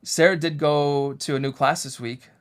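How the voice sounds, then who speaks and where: A man's voice: fairly high pitch, steady tone, moderate pace, smooth. Male co-host, 30s, easygoing rambler who jokes and acts out quotes. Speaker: co-host of a sewing channel. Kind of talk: casual chat.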